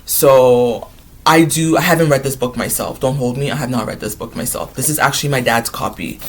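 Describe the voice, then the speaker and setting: A man of Ghanaian heritage chatting casually and excitably in a vlog, wandering from topic to topic. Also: mid-range voice, fairly quick. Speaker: vlogger.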